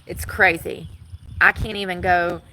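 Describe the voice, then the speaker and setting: A woman's voice: fairly low pitch, fairly even intonation, a little slow, sharp tone, slight background noise, rough recording. A woman chatting bluntly and fiercely to her livestream viewers, sounding worn out. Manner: blunt, fiery, talks back to chat. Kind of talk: casual livestream chat.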